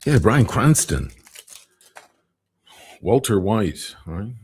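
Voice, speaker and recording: A man with a deep, gravelly voice hosts a relaxed live stream, chatting easily and reading viewer comments aloud. His pitch rolls up and down a lot, and his unhurried delivery has a husky, rough edge. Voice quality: very low, gravelly voice. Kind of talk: casual live-stream chat.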